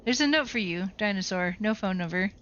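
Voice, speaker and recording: A playful woman plays through a game, reading its text aloud and laughing at her own moves. Her voice is bright and pointed. The recording is somewhat dull and lo-fi. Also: medium pitch, expressive, fairly quick, a little hiss or hum. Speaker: let's-play host. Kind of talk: game playthrough with read-aloud narration. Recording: dull lo-fi sound.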